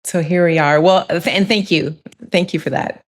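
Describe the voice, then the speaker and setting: A woman's voice: on the low side, steady tone, moderate pace. A middle-aged woman hosting a podcast, chatting and reflecting in a casual conversation. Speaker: podcast host.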